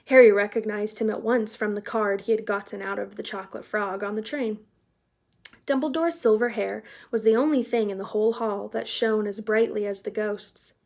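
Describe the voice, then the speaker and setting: A woman reading a children's novel aloud in a casual, chatty way, pausing to explain words for young listeners. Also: mid-range voice, creaky, a little mellow. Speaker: read-aloud narrator.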